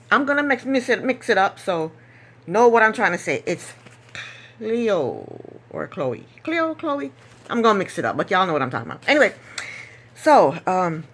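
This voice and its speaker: A woman talks through a reality show episode on her own, casual and opinionated. Her voice sits fairly high and bounces around a lot, and she keeps circling back to repeat her points. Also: a bit bright. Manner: chatty and opinionated, laughs and repeats herself for emphasis. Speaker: reality TV recap host. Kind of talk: casual solo recap monologue.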